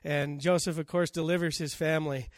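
A man's voice: on the high side, steady tone, brisk, no echo, studio quality. A man preaching a sermon, telling scripture stories and acting out the quotes. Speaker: pastor.

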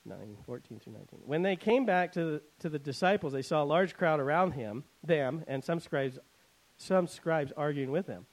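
A pastor delivers a sermon, alternating between loud emphasis and quiet asides while paraphrasing scripture in a wry, conversational style. His male voice sits a little high, with lively intonation and a moderate pace. The audio quality is poor.

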